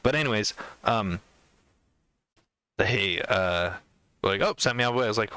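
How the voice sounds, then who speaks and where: Guy on a podcast, casual rambly story, dry sound, super crisp. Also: on the low side, measured pace, pauses often, pushed and bright, no room sound. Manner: rambling, full of fillers and acted-out quotes. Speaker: podcast co-host.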